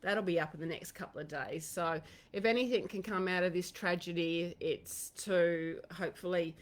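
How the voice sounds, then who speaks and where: A woman's voice: on the low side, fairly even intonation, moderate pace. An Australian woman chats casually while hosting a live online Q&A session. Her talk rambles, with frequent fillers and restarted sentences. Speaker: host of a horse-training Q&A livestream. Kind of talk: casual livestream chat.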